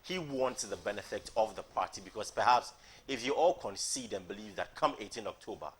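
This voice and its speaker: A man's voice: lowish voice, lively intonation, breathy edge. A man from Ghana hosting a morning TV show in a studio, pushing back on his guest and cutting in with challenging questions. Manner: challenging, cuts in, repeats "no" rapidly. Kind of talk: probing TV interview.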